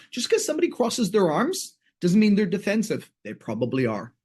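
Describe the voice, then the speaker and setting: Animated man giving a training talk. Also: on the high side, slightly rough. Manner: animated, acts out dialogue in different voices. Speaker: webinar presenter, law teacher. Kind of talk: conversational training talk with acted examples.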